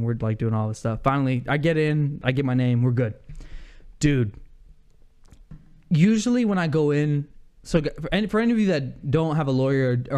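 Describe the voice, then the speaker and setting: A man telling a rambling story in casual chat, animated and full of asides and restarts, swearing freely. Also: medium pitch, smooth.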